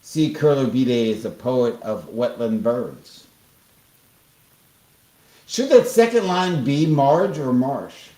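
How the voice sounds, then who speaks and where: A man's voice: mid-range voice, expressive, takes it slowly, pauses often, dark tone. Giggly man in an echoey room. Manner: giggly, joking. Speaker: podcast co-host. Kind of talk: casual chat. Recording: echoey room, faint noise.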